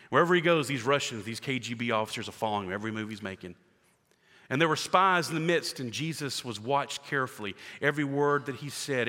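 A man preaching a sermon, animated, swinging from loud to hushed and acting out the scenes he tells. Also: medium pitch. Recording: reverberant hall.

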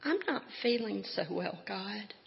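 A woman doing a gentle unborn baby girl. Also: medium pitch, lively intonation, unhurried, creaky. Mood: wondering. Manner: soft, wondering, childlike questions. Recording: dull echoey hall recording.

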